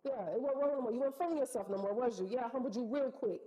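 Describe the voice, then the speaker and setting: A woman's voice: on the high side, racing, poor audio. A woman telling a personal story in a casual, slangy way, acting out what people said. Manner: animated, slangy retelling with acted-out quotes.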